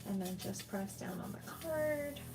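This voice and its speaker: A woman with a medium-pitched, lively voice chats casually and unhurriedly while making a handmade card, talking to herself as she goes. It plays like a relaxed crafting tutorial.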